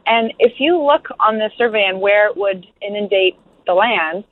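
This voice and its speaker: A woman calling in to a radio talk show, speaking in a measured, thoughtful way. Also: mid-range voice, dry recording. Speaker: caller. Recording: tinny phone line.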